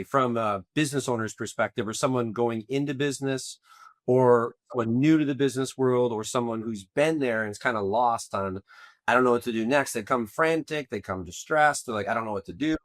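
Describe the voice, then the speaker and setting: A man's voice: medium pitch, fairly bright tone, dry recording. Middle-aged male podcast host, dry studio. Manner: conversational, rambling, with restarts. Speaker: podcast host and tax accountant. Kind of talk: podcast interview.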